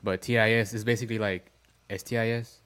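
A man with a somewhat low voice rambles through a casual podcast conversation. His talk wanders, packed with "like" fillers and frequent profanity. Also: fairly even intonation, fast talker, fairly bright tone, clear, resonant tone. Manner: rambling, heavy use of "like" and profanity. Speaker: podcast co-host. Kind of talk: casual chat.

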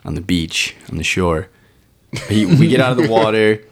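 A man's voice: lowish voice, normal speed. A man telling a story in casual chat with friends, cursing freely and acting out what people said. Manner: profane, animated storyteller acting out quotes. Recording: lively crowd noise behind.

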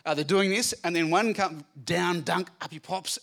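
An animated man gives a chatty Bible talk to a room full of listeners. His voice sits a little high for a man. He is jokey and playful, acting out the scenes as he goes. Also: normal speed, gravelly, hardly any pauses. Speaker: speaker at a student Bible training night. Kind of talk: lively Bible talk to a live group. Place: room with a live audience.

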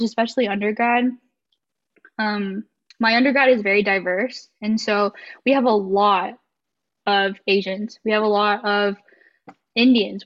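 Chatty young woman, slightly muffled. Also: medium pitch. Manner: talkative, reflective, frequent likes and ums. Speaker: podcast guest. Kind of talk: casual interview conversation.

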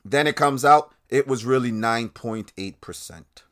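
A man's voice: medium pitch, measured pace, fairly bright tone. A man hosting his own podcast, ranting in a heated, profane and sarcastic way. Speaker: podcast host. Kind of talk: casual ranting commentary.

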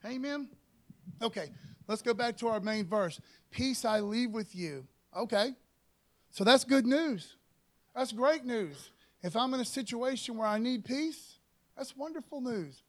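High-voiced folksy male preacher. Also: animated. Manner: folksy, keeps adding "man" and "amen"; slows down and gets louder to read scripture. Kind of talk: sermon.

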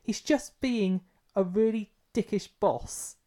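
A man's voice: high voice, slow pace, dark tone. A man co-hosting a book podcast, talking casually and loosely, with frequent restarts and fillers. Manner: loose, hesitant phrasing with many restarts. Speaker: podcast co-host.

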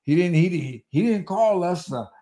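A man's voice: high voice, lively intonation, moderate pace, mellow. Emphatic, preachy male podcast host. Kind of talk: conversational political podcast.

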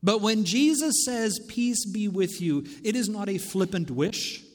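A man preaching a sermon as pastor, swinging dramatically between loud declarations and hushed near-whispers. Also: high-pitched, a little slow, long reverb tail. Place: church sanctuary.

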